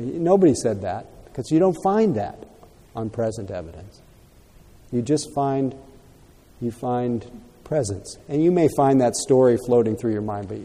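A man leading a meditation Q&A, gently repeating a student's words back for the group. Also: mid-range voice, long reverb tail. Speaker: meditation teacher. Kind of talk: dharma talk Q&A.

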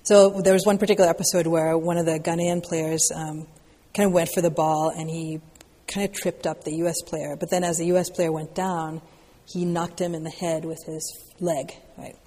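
Reflective woman meditation teacher, casual and unhurried in her phrasing, warm dark tone, recorded with long hall echo. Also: low-pitched, flat delivery. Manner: reflective, loose, peppered with "you know" and "like". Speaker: dharma teacher answering questions. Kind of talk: casual dharma talk Q&A.

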